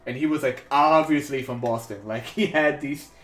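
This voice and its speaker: A man's voice: mid-range voice, moderate pace, fairly bright tone. A man hosting a sculpting livestream, chatting casually as he works, rambling with many fillers and restarts. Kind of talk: casual chat while working. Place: home studio in New York. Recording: roomy echo, faint music behind.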